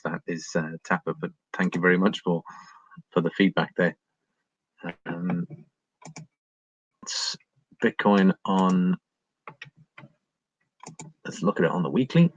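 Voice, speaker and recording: Deep-voiced English man on a livestream. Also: fairly even intonation, slow, long pauses, slightly rough, no echo, dull audio. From England. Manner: thinking aloud with many ums, chatting with viewers. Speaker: livestream market commentator. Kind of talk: casual livestream chart analysis. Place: home, living in Ireland.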